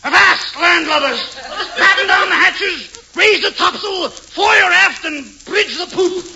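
A man putting on a blustering sea captain, shouting hammy orders in 1940s radio comedy style, on a scratchy old radio broadcast. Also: extremely high pitch, measured pace, gravelly, muffled recording, voice pushed up, full character voice.

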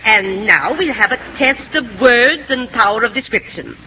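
An actress playing a prim, strict schoolmistress in a vintage film, with a formal, stern manner. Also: female voice, a little high, expressive, normal speed, bright, forceful tone, lo-fi sound, a little hiss or hum. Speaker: teacher. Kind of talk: 1940s film acting.

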